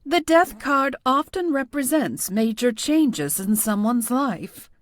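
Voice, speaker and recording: Audiobook role: woman voicing a wise, patient tarot reader, calm and teasing, lively pitch, dry close sound. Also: slow pace, no room sound. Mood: knowing. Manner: calm, knowing, lightly teasing. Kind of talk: audiobook character voice.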